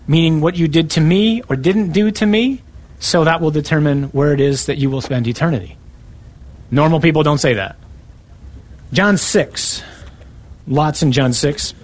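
A man's voice: a little high, darkish tone. A man preaching a sermon and reading scripture, emphatic and driving his points home with rhetorical repetition.

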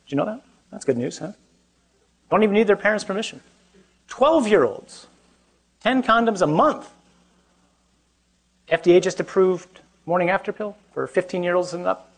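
A man's voice: sits high, quick pace, vocal fry, darkish tone. A man, a Catholic priest, giving a conversational talk to a young adult group, asking the audience questions and adding joking asides.

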